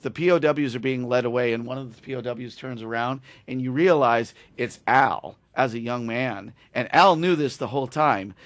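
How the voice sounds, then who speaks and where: A podcast host with a medium-pitched voice retells a TV episode in casual chat at a moderate pace, barely pausing, with no echo. He is an animated storyteller who acts out the dialogue and gets emotional.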